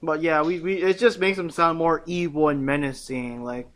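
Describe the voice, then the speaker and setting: A young man co-hosts a laid-back fan podcast, retelling episode scenes with lots of "like" and bits of acted dialogue. His voice sits a little high for a man. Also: normal speed. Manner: animated, acts out quotes in voices. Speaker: podcast co-host. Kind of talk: casual fan chat about a cartoon.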